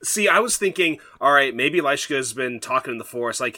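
A man's voice: mid-range voice, lively intonation, fairly quick, hardly any pauses, bright, forceful tone. A man co-hosting a comic podcast, joking sarcastically about a fairy tale. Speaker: podcast co-host. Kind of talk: comic chat.

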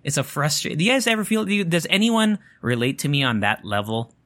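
A man's voice: on the high side, very animated, fairly quick, fairly bright tone. A man chatting casually to viewers at home, rambling and joking, swearing freely and smoking as he talks. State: smoking while talking. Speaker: vlogger.

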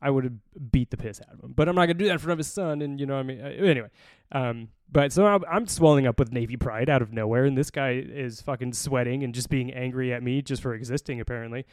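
Fast-talking profane male storyteller. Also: medium pitch, dry recording. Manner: profane, animated storytelling with voiced quotes. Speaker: podcast host; Navy recruiter. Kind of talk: casual storytelling.

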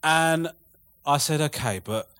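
Man, storyteller, cursing, higher-pitched side, lively anecdotes. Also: slow, clean tone. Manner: animated, swearing, laughing through stories. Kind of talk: casual storytelling chat.

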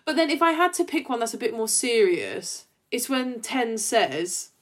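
A woman's voice: on the high side, big pitch swings, normal speed, hardly any pauses. A woman co-hosting a podcast, chatting cheerfully and emphatically. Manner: cheerful, emphatic, swears casually. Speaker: podcast co-host. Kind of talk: casual chat.

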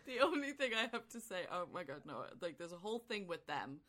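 A woman co-hosting a podcast, chatting casually about a movie, animated and laughing often as she rambles through her story. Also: fairly low pitch, brisk. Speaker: podcast co-host.

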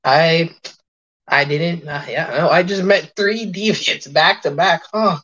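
A weary, exasperated male interviewer at a hero agency, put on by a woman, who stammers and repeats himself. The voice sits fairly low. The audio is dull and lo-fi. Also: slow pace, fairly bright tone, exaggerated voice. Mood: sarcastic.

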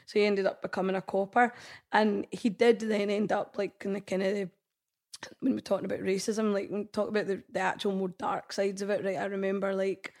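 A woman in her thirties with a Scottish accent, a podcast guest chatting casually, quick to laugh and full of "like". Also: mid-range voice, level tone, a little mellow. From Scotland. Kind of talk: casual chat.

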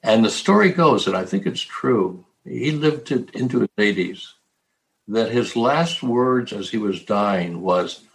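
An older man, a podcast guest, thinking out loud in a thoughtful way and quoting himself as he goes. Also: mid-range voice, expressive, measured pace, vocal fry, poor audio. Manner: thoughtful, speaks in restarts, quotes himself. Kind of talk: reflective casual chat.

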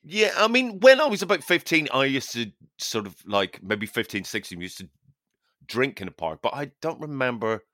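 A man's voice: mid-range voice, sing-song, moderate pace, a bit bright, no echo, studio quality. Sweary man hosting. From Northern Ireland. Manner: sweary, self-mocking. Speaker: podcast host. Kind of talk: casual chat.

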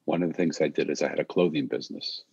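Older man, deep husky voice, reflective personal storytelling, close and dry, dull lo-fi sound. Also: fairly even intonation, fast, darkish tone, no room sound.

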